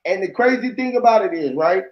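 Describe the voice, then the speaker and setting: Male storyteller, high voice, slangy and animated, plays out every quote in casual talk. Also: a little fast, muffled recording.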